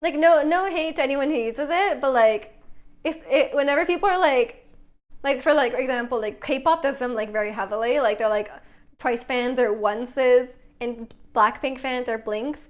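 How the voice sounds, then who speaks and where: High-voiced chatty streamer woman. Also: normal speed. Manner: chatty, reads chat aloud, many "like" fillers. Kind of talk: casual live-stream chat while baking.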